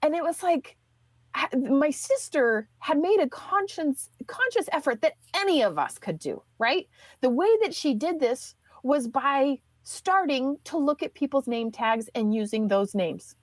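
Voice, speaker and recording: A woman in her thirties tells her own story as a podcast guest, chatty and winding, with plenty of fillers and restarts. Her voice sits somewhat high. The sound is close and dry. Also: very animated, measured pace, no room sound. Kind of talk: personal storytelling.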